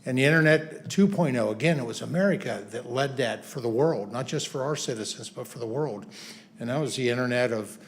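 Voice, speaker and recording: A man's voice: mid-range voice, fairly quick, breathy edge. A man, a congressman, giving a statement at a press conference, with many fillers and restarts.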